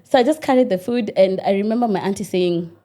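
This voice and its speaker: A Kenyan woman, a restaurant owner, telling her story in a casual interview, animated and laughing often. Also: mid-range voice, fast talker.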